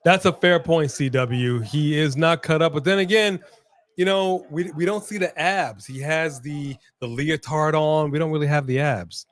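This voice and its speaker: A man co-hosting a live wrestling watch-along stream in casual chat, loosely joking and reading out viewer shout-outs. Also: fairly high pitch, normal speed.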